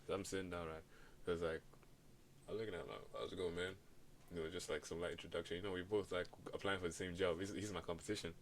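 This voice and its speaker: A young man co-hosting a podcast, telling stories excitably and filling his talk with "bro" and "like". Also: low voice, very fast, slight background noise. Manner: excitable storyteller, says "bro" and "like" a lot. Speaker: podcast co-host. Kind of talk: casual chat.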